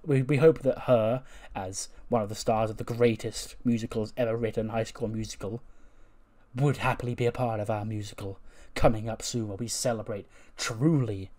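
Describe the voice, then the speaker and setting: A man's voice: medium pitch, steady tone, normal speed, darkish tone, close to an everyday voice. A man plays a smug male tag team wrestler with a showy, mocking manner. The voice is only lightly put on, close to the reader's own talk.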